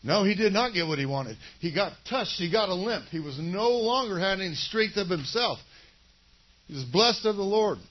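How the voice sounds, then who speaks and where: Husky-voiced man preaching a sermon. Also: high voice, expressive, normal speed, dull audio. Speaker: pastor.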